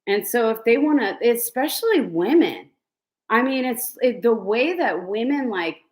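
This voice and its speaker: A woman's voice: fairly high pitch, expressive, measured pace, darkish tone. A woman telling stories in a casual, rambling way, blunt and profane, with many fillers and laughs between lines. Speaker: vlogger. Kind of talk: casual storytelling.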